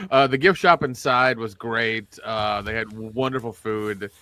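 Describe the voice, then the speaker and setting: A man's voice: fairly low pitch, sharp tone. A man co-hosting a casual online chat in a laid-back way, laughing often. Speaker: co-host.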